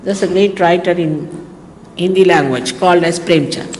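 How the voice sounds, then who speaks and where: A woman's voice: on the low side, moderate pace, darkish tone. A woman with an Indian English accent giving an informal spiritual talk, telling anecdotes in a chatty, teasing way. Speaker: spiritual teacher. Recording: echoey hall, faint hiss, 1980s archive recording.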